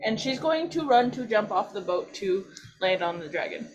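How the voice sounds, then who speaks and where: A woman's voice: mid-range voice, animated, normal speed, low-quality recording. Joking woman playing a tabletop game. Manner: joking, casual. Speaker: player. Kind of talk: casual tabletop play.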